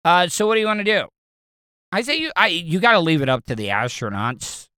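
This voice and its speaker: A man's voice: high-pitched, very animated, brisk, pushed and bright, smooth, no room sound, studio quality. A man talking casually and at length, rambling and restarting his sentences often. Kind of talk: casual opinion talk.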